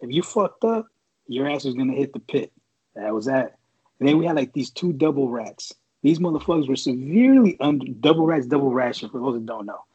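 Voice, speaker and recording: A man's voice: mid-range voice, animated, a little fast, darkish tone, breathy edge, lo-fi sound. A man from San Francisco telling profane boot camp stories in casual chat, rambling with like and you know.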